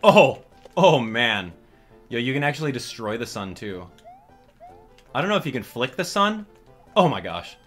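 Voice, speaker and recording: A young man hosting a gaming channel gives live gameplay commentary, his pitch leaping up and down with excitement. He speaks at normal speed with long pauses, jokes around, and reads and answers his viewers' chat while faint music plays underneath.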